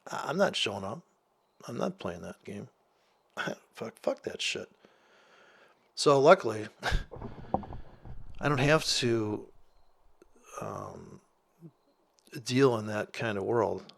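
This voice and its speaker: A man's voice: on the low side, sing-song, takes it slowly, gravelly, pauses often, a bit bright, slightly rough. A man delivering a profane, sarcastic rant as a trading vlogger, swearing constantly and mocking people in put-on voices. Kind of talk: profane ranting monologue.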